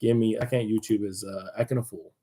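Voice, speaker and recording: A man's voice: on the low side, steady tone, fast talker, mellow. A man giving casual live market commentary, chatty and loose, with many fillers and restarts.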